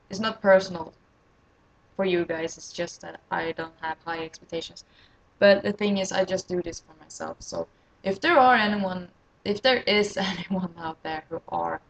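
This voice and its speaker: A tired woman from Sweden, an English speaker, rambling excitedly and self-deprecatingly as she introduces her gaming channel in a casual solo vlog. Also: lowish voice, poor audio.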